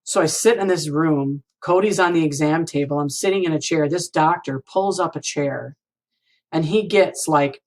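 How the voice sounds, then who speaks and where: A woman's voice: low voice, normal speed, a little mellow, low-quality recording. A woman in her forties, a guest on an interview show, telling a personal story earnestly and with open emotion, often asking "right?" and "you know?".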